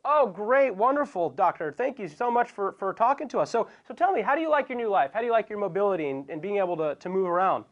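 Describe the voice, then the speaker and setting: A man's voice: high voice, lively intonation, quick pace, hardly any pauses, muffled recording. Jokey rambling male web show host. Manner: jokey, self-deprecating, rambling. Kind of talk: comedic web show monologue.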